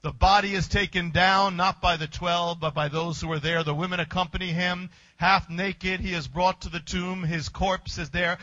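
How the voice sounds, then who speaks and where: A man's voice: high-pitched, level tone, normal speed, hardly any pauses, bright, forceful tone, no echo, highs cut off. A man preacher retelling a story vividly, with emphatic, short, punchy phrases. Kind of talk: dramatic sermon storytelling.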